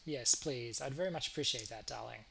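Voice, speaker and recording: A man's voice: mid-range voice, fairly quick, vocal fry, bright, forceful tone, slight background noise, low-quality recording. A man reading the lines of an affectionate elderly cat in a game, calling his partner darling. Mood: fond. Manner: fond, reads dialogue aloud. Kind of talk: reading game dialogue aloud.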